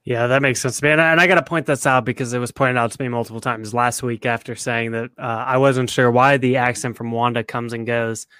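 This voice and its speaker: A man's voice: mid-range voice, steady tone, brisk, hardly any pauses, fairly bright tone, clean tone, no room sound. A man co-hosting a podcast in casual chat, laying out his theories step by step. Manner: analytical, lays out theories step by step. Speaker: podcast co-host.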